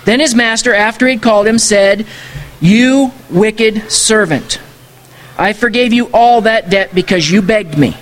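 Male pastor, high voice, conversational sermon full of rhetorical questions. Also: moderate pace, few pauses, fairly bright tone.

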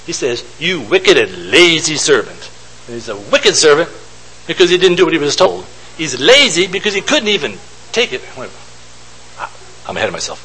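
Man, informal Bible teaching, lively pitch, rhetorical questions. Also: a little fast, pauses often, rough recording. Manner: poses rhetorical questions and thinks aloud.

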